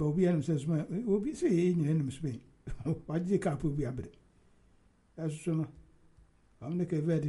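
A man hosting a casual football chat, animated and laughing often, talking over his co-host. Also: a little high, husky.

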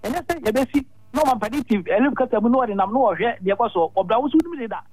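A man's voice: very high voice, expressive, quick pace, darkish tone, no room sound, low-quality recording. Rambling male radio caller over the phone. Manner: long, rambling address with repeated words. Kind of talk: phone-in comment on a talk radio show.

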